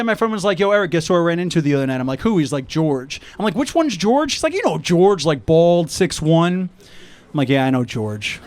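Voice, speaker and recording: A male stand-up comedian from New York telling jokes in a conversational way and acting out talks with friends, recorded outdoors on a rooftop. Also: fairly high pitch. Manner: conversational, acts out dialogue with friends.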